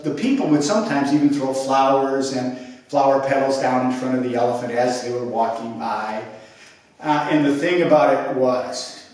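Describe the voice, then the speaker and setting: A man telling a children's story with playful, expressive narration and sound effects. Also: mid-range voice. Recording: echoey room, mic at a distance.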